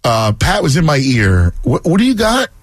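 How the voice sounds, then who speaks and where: A man from the United States hosting a sports radio show, talking in an animated, sing-song way. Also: fairly high pitch, normal speed, no room sound, studio quality. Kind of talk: casual radio chat.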